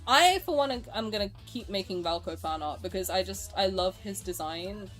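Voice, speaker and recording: This is a woman streamer in casual conversation with her chat. She is excitable and swears freely, and she laughs easily. Her voice sits in an ordinary middle pitch, with faint music running underneath. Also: moderate pace. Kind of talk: casual live-stream chat, reacting to viewer comments.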